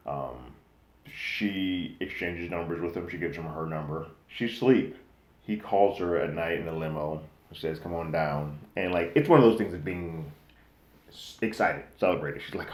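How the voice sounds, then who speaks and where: A man with an extremely low, deep voice talks through a casual TV review. He speaks loosely, full of ums and likes, and he slips into quick acted-out quotes. The sound is roomy and echoey. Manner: conversational, with frequent um and like fillers and animated quoted asides. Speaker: podcast host reviewing a TV series.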